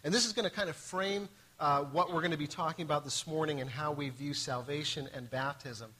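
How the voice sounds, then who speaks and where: A man preaching from the pulpit in a casual, conversational way. His voice is bright and forceful and sits a little high, and he stumbles and restarts as he mixes scripture reading with joking asides. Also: brisk, breathy edge, poor audio. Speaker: pastor.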